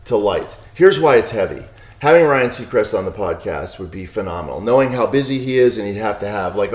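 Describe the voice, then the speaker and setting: A man's voice: lowish voice, expressive, fairly quick, darkish tone. A middle-aged man being interviewed as a guest, chatting casually and telling anecdotes with frequent asides to his listener. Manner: storytelling with many "you know" and "right?" asides. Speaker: podcast guest, author and lawyer. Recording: roomy echo.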